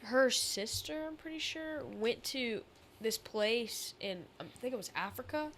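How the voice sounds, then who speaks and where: A woman's voice: on the high side, animated, unhurried, a bit bright, a little hiss or hum. A woman telling a story in casual chat, chatty with many fillers. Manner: chatty, many likes and ums.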